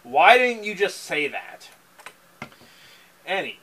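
Casting: high, bright, unhurried male co-host, jokey beer-review banter. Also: very animated, far from the mic. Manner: jokey, mock-reads French label in exaggerated voice. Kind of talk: casual chat.

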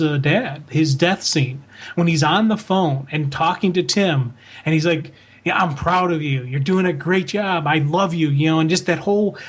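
A man co-hosting a comics fan podcast, talking in a rambling, heartfelt way with many fillers and restarts. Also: on the high side. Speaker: podcast co-host. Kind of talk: casual chat.

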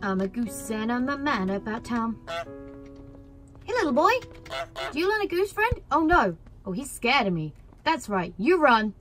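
Excitable woman, high-pitched, bright, gaming commentary. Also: normal speed, pauses often, faint music behind. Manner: excitable, shouts and cheers at the game. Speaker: gaming video creator. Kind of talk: let's play commentary.

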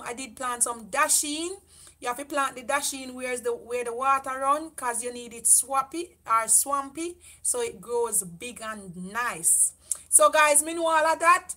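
A middle-aged woman with a Jamaican accent holds a casual livestream chat with her viewers. Her voice sits high and rings bright and forceful. She talks loudly and lets patois run through her English. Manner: loud, lively, mixes patois into English. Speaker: beauty vlogger.

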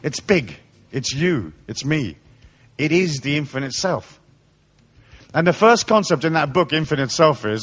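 A man's voice: fairly high pitch, sing-song, moderate pace, a bit bright. A man giving a live spiritual lecture, irreverent, joking and profane. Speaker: spiritual speaker.

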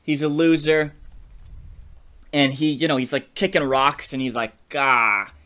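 A young man co-hosting a podcast, telling a silly story idea in an animated, playful way. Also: a little high, normal speed. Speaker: podcast co-host. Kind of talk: casual brainstorming chat.

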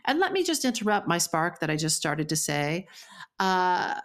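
A woman's voice: fairly low pitch, very animated, moderate pace. A woman co-hosting a podcast in casual chat, playful and going off on tangents, swearing freely. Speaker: podcast co-host.

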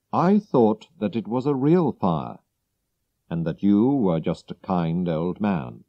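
A man's voice: on the low side, no room sound, dull audio, exaggerated voice. A man reading as a clever, composed young woman. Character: clever, calm young woman writing a farewell letter.

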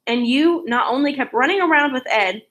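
A woman reading aloud the lines of a bitter, resentful middle-aged aunt in a sharp, accusing way. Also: high voice, lively intonation, a little fast.

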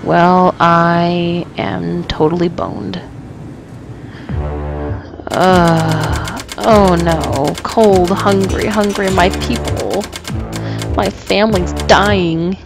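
Lady gamer rambling at her game, confused and joking at herself, kinda low voice. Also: fairly even intonation, extremely slow, vocal fry, over music. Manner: flustered, self-mocking, talks to the game characters. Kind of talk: let's play commentary. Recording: noisy home recording.

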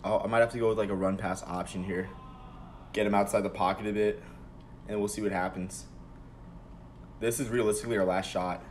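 A young man streaming a football video game live, calmly calling plays between excited outbursts. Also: lowish voice, fairly quick, a little hiss or hum. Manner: excitable, swings between calm play-calling and loud outbursts. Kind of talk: live gameplay commentary.

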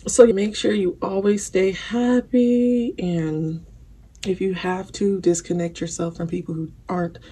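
A woman's voice: mid-range voice, steady tone, mellow, breathy edge. A woman chatting casually to camera in a mukbang vlog, out of breath and sighing, her mouth burning from spicy food. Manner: slow, loose and chatty, with sighs and fillers. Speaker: mukbang vlogger.

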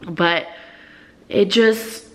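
Young woman vlogging, rambly and emotional, lots of likes and you-knows, mid-pitched. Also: drawn-out words. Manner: rambling and emotional, full of fillers; gushing and gasping with excitement. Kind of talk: casual vlog chat.

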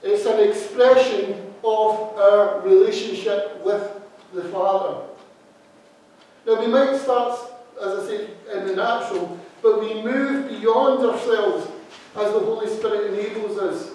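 Emphatic preacher in a very echoey church. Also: male voice, high voice, a little slow, a little mellow. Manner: emphatic, repeats key phrases for stress. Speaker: associate minister. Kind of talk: sermon. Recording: very echoey hall, speaker far from mic.

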